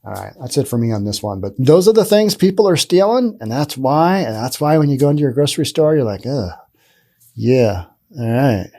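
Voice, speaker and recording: Opinionated man, lively pitch. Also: fast talker, few pauses. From Pacific Northwest, US. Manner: opinionated, rambling, sarcastic asides. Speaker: podcast host. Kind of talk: casual solo commentary.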